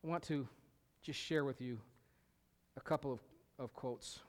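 A man's voice: medium pitch, a little slow. Preaching man in a reverberant hall. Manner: emphatic, repeats key phrases, drops to a whisper at times. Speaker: pastor. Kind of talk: sermon.

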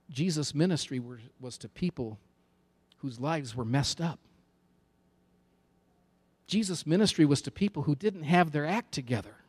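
A man's voice: mid-range voice, a little mellow. A man preaching a sermon with an emphatic, repetitive cadence.

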